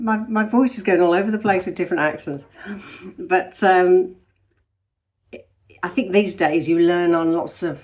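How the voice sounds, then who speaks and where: A woman's voice: deep voice, darkish tone. English woman, 50s, Midlands tinge, slightly nasal, rambling vlogger. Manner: chatty, rambling, self-deprecating. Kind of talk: casual chat.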